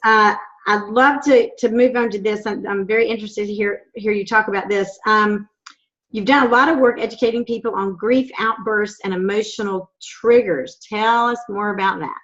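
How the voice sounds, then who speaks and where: A woman's voice: medium pitch, fairly even intonation, normal speed, a bit bright. Earnest woman host, dull lo-fi sound. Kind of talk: interview. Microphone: video call.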